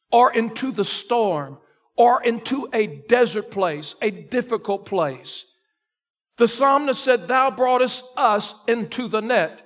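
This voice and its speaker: A man pastor preaching a sermon, reading scripture slowly and building to loud emphatic peaks. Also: very high-pitched, animated. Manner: voices a questioning listener in first person.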